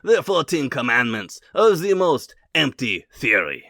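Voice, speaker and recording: A man's voice: mid-range voice, sing-song, measured pace, sharp tone, no echo, clean studio sound, heavily acted. A man putting on a savvy, scornful older French statesman, speaking with a French accent.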